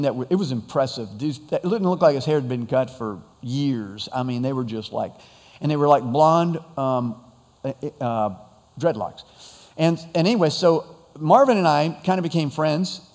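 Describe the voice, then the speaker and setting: A man's voice: a little high, a little mellow. A man preaching a sermon, telling a personal story in a rambling, self-deprecating way with lots of fillers. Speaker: pastor. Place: church sanctuary. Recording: long church hall reverb.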